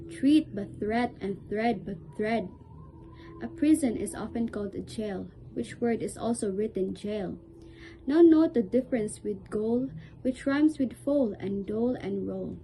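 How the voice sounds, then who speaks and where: Slow, careful woman reciting a poem. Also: on the high side, warm tone, slight background noise, low-quality recording. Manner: slow, careful recitation of rhyming word lists.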